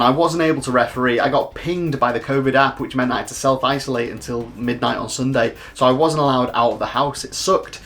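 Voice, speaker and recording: A man's voice: mid-range voice, fairly bright tone. A man hosting a refereeing round-up show, talking casually with jokey, self-deprecating humour. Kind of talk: casual comedic monologue.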